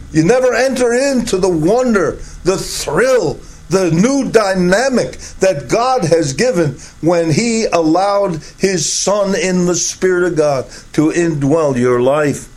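Emphatic middle-aged male preacher. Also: a little mellow. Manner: emphatic, rising to high ringing stresses on key words. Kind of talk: sermon.

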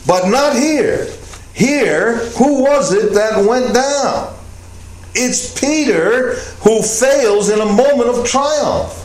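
A man preaching a sermon as pastor, earnest, rising to emphatic points and often pausing with "uh". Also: extremely high pitch, animated. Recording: echoey room with faint noise.

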